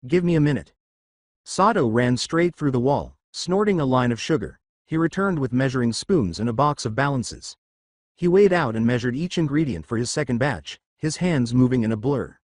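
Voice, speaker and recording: A man narrating a fan fiction story, reading from a script with expressive storytelling. His pitch rises and falls a lot, and the sound is close and dry. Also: normal speed, no room sound.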